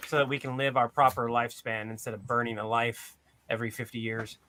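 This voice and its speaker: A man's voice: medium pitch, fairly even intonation, fairly quick, pushed and bright, slight background noise. A man playing a tabletop game, casually describing his character's actions aloud. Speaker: player.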